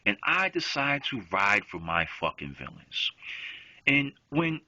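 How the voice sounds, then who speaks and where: A man's voice: mid-range voice, very animated, a little slow, pushed and bright, dry recording. A young man, an online gamer, delivering a profane, confrontational rant straight at a rival. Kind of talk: angry rant to camera. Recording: dull lo-fi home recording.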